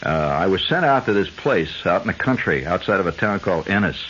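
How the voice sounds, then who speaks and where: A man's voice: deep voice, animated, fairly quick, a bit bright, slight background noise. A man hosting a radio show, telling a long digressive story in a chatty way, full of asides. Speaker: radio host. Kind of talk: rambling storytelling monologue. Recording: dull lo-fi 1970s radio broadcast with faint music.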